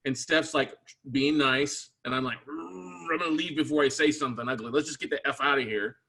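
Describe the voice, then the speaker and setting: A man's voice: medium pitch, a little fast, gravelly, pushed and bright. A man hosting a talk show, chatting bluntly and venting with a little swearing. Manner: blunt, swearing, vents with acted asides. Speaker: show host. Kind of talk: casual chat.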